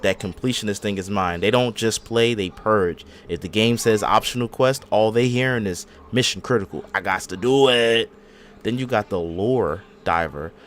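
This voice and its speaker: A man's voice: fairly low pitch, a little hiss or hum. A man hosting a casual gaming podcast, telling stories in a laid-back, slangy way. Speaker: podcast host.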